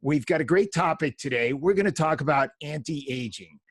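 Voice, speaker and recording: 50s male podcast host, a touch high-pitched, dry sound, formal intro read with fillers. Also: expressive, normal speed, slightly rough, no room sound. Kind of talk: interview podcast.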